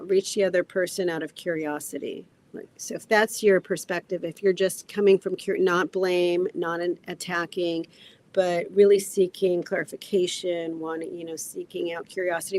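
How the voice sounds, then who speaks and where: Woman, therapist, gentle, thoughtful, fillers, lowish voice. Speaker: therapist guest. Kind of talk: casual podcast conversation.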